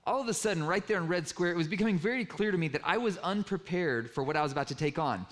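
A man giving a sermon-style personal story to a room, lively and self-mocking, acting out the dialogue. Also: fairly high pitch, fast. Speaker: speaker telling a personal story to an audience. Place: room with a live audience.

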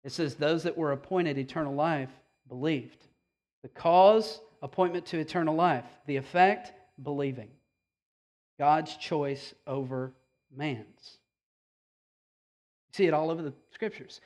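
A pastor with a high, expressive voice preaches a sermon, addressing the congregation casually and posing rhetorical questions. He alternates between loud, emphatic stretches and slow, hushed ones.

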